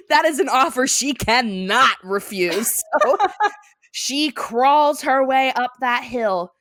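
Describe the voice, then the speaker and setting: A woman's voice: high voice, slow, fairly bright tone, slight background noise. A woman co-hosting a podcast, animatedly recapping a cartoon episode and laughing often. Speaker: podcast co-host.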